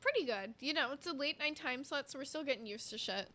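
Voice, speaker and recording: A woman's voice: sits high, animated, quick pace, bright, forceful tone, slight background noise. A woman co-hosting a podcast in casual chat, stumbling a little as she reads aloud and apologizing. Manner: stumbles when reading, apologetic. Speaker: podcast co-host.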